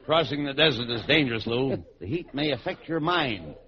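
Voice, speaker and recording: A man playing the straight man in 1940s radio comedy, brisk and exasperated. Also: medium pitch, animated, crowd noise. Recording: lo-fi old radio recording with loud hiss.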